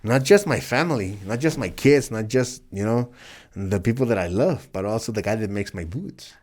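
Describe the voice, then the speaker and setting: A man's voice: fairly low pitch, expressive, normal speed, a little mellow. A man in his forties, a professional wrestler from El Paso and Juárez, earnestly telling stories in a casual interview and acting out the voices in them. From El Paso, Texas and Juárez, Mexico.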